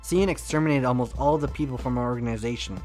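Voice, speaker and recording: A man's voice: medium pitch, quick pace, darkish tone, soft background music, natural voice. A man voicing an earnest young male resistance leader who speaks solemnly.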